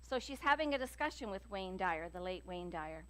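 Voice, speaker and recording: A woman minister giving a sermon in a church, telling stories in a chatty, lively way with many fillers. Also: medium pitch, moderate pace. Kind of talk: sermon with jokes and readings. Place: church sanctuary.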